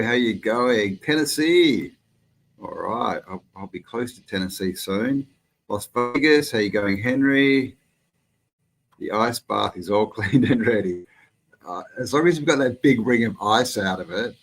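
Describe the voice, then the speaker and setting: A man's voice: on the low side, fairly bright tone, slight background noise, rough recording. A man with an Australian accent hosts a casual live stream, talking in a loose, rambling way and greeting viewers in the chat by name.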